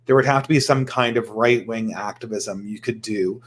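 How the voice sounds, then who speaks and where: A man's voice: fairly low pitch, normal speed, slight background noise. Man thinking aloud in discussion. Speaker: panel guest. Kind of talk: casual discussion.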